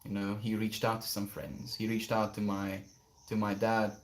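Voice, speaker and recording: A man's voice: on the low side, monotone, normal speed. A man on a casual livestream outdoors, reading viewer messages aloud and musing on them in a reflective way. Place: outdoors, quiet spot.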